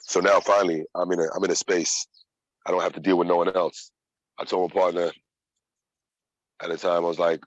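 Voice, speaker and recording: Man, 30s, low voice, dry close mic, candid and profane storyteller. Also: level tone, brisk, pauses often, dry recording, dull audio. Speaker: yoga practitioner sharing his story. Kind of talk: casual personal storytelling.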